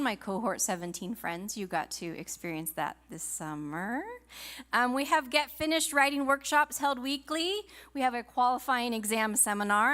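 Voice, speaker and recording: A woman speaking at a reception, briskly listing program practices in a friendly way. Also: sits high, a bit bright. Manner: brisk and list-like, friendly to her students.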